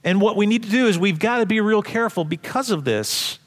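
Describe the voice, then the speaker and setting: A man preaching a sermon as pastor, lively and joking, with frequent restarts. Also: high-pitched, fairly quick.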